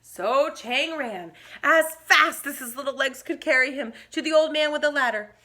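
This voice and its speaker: A woman teacher reading a storybook aloud to young children, adding asides. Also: high voice. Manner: animated, expressive, pauses to comment.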